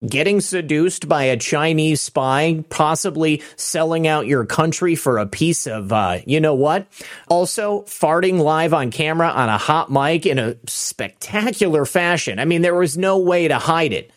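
A man's voice: a little high, lively intonation, measured pace. A man hosting opinionated political commentary, sarcastic and indignant. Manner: sarcastic, indignant, chuckling asides.

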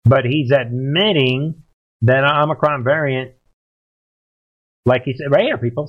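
A man's voice: medium pitch, unhurried, pauses often, highs cut off. A man hosting a political livestream, commenting in a rambling, emphatic way and talking to his chat.

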